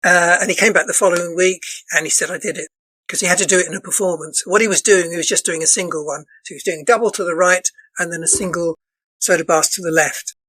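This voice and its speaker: Hoarse man explaining earnestly. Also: sits high, steady tone, quick pace, bright, forceful tone, no echo, low-quality recording. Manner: earnest, explanatory, loops back and restarts phrases. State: voice going hoarse. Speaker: dance counsellor and guest. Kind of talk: casual podcast interview.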